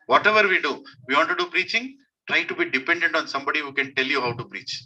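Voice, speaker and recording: Bright high-voiced man giving a devotional sermon. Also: quick pace, dull audio. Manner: storytelling, with rhetorical questions to the audience; acts out quoted voices, rising high and emotional. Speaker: speaker at a scripture study gathering.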